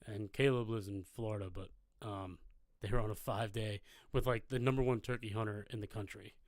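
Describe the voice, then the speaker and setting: A man's voice: lowish voice, fairly even intonation, a little fast, a little mellow, no echo, studio quality. A man co-hosting a live podcast, telling loose, rambling stories full of swearing in casual chat. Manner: loose, rambling storyteller with lots of profanity. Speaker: podcast co-host.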